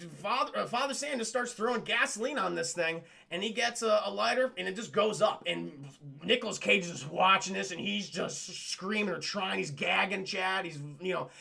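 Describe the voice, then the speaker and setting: A man's voice: sits high, moderate pace, vocal fry, sharp tone. A young man livestreaming a casual spoiler recap of a film, rambling and swearing as he keeps talking to his chat.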